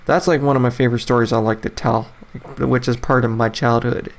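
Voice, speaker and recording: A man's voice: medium pitch, fairly even intonation, fairly quick. Rambling young man hosting a solo podcast. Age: 20s. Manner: rambling, many fillers and restarts, laughs often. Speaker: podcast host. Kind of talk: casual solo podcast monologue.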